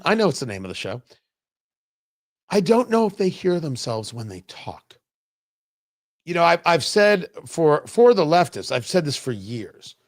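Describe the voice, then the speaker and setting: A man hosting a talk show, giving sarcastic, opinionated political commentary straight to his listeners. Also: high-pitched.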